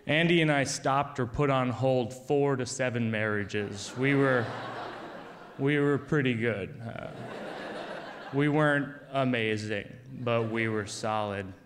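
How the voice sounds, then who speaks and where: A man telling a long comic story on stage, with a dry, wry, deadpan delivery. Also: mid-range voice, slow pace, background noise. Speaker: comedian. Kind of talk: stand-up storytelling.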